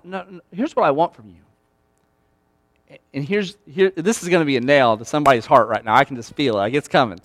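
A man preaching a sermon as pastor in a conversational, animated way, often acting out quoted lines. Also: a little high, fairly quick, no room sound.

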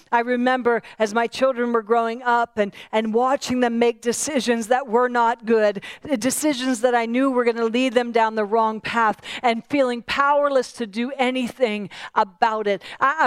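A woman's voice: on the high side, clear, resonant tone, no echo. A middle-aged woman preaching a sermon earnestly, asking pointed questions and voicing people in prayer.

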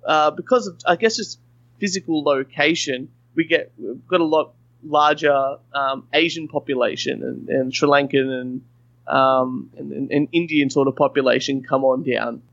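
A man's voice: medium pitch, steady tone, normal speed, vocal fry, fairly bright tone, no room sound, muffled recording. A man with an Australian accent chatting as a podcast guest, rambling with frequent restarts. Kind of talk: casual chat.

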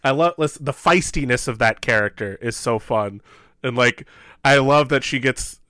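A man co-hosting a podcast in casual movie-review chat, animated and laughing often, with many "like" fillers. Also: medium pitch, moderate pace, smooth, no room sound. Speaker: podcast co-host.

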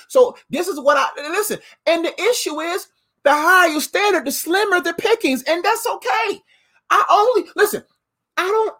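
Man, preacher, casual motivational sermon; animated, repetitive, lively voice. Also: very high voice. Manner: animated, repetitive, playful, calls audience fam.

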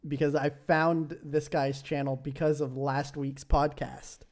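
A man's voice: a little high, little pitch movement, unhurried, darkish tone. A young man co-hosting a podcast in casual chat, hesitant with lots of fillers, laughing easily. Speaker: podcast co-host.

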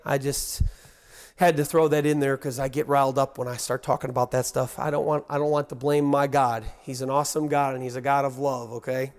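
A man preaching a sermon, earnest, swinging between hushed asides and excited emphasis. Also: medium pitch, fairly quick.

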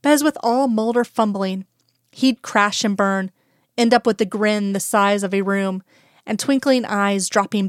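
A woman narrating a fan-fiction audiobook in a steady, even storytelling manner. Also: mid-range voice, no room sound, studio quality.

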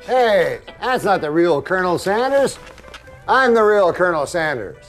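Offhand deadpan fake colonel, lively pitch, faint music. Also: male voice, moderate pace. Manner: flat, offhand, no accent put on. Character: deadpan middle-aged man posing as colonel. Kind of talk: TV commercial acting.

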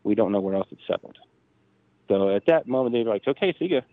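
A man in his thirties tells a long personal story in a casual, animated way, acting out each quoted line. His voice sits low, with no room sound at all. It comes through a narrow, tinny phone-like line. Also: a little fast, no room sound. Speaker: podcast guest, drag racer.

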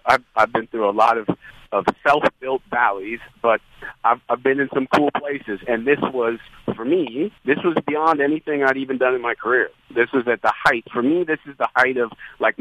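Male guest, bright forceful voice, tumbling excited storytelling, dry close mic. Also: mid-range voice, no echo, poor audio. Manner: excited, rambling with restarts. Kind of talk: casual storytelling chat.

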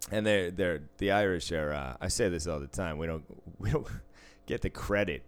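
A man's voice: low-pitched, moderate pace, smooth. A man from the area, telling rambling, profane stories in casual chat and laughing often. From Boston area, US. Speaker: podcast co-host, casino dealer.

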